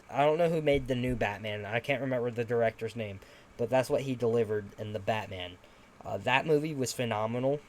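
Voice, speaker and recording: A man's voice: mid-range voice, darkish tone, slight background noise. A young man hosting a casual podcast, rambling with lots of fillers and offhand swearing. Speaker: podcast host.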